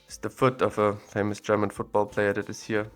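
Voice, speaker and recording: A man's voice: lowish voice, fairly quick, soft background music. A man giving casual, think-aloud commentary while exploring places on a map, recorded on a separate audio recorder. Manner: thinking aloud, relaxed and chatty.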